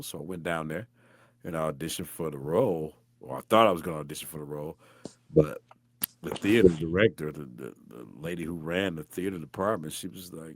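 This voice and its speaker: A middle-aged man from St. Louis with a deep voice, telling animated stories as a guest voice actor in a casual interview. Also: fairly quick, no echo. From St. Louis, USA. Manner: animated, acts out voices in anecdotes.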